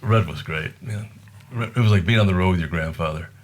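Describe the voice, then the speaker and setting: Older guy from buffalo, deep voice, rambling musician stories, slight hiss. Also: fairly quick. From Buffalo, New York, USA. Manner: rambling anecdotes, acting out quoted voices with laughs. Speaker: guest musician. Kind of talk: casual storytelling.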